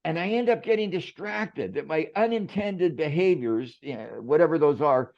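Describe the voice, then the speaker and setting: A man's voice: a little high, animated, normal speed, a little mellow, muffled recording. A man who is a management expert, a guest on a podcast, telling reflective stories in a conversational way. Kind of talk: conversational storytelling.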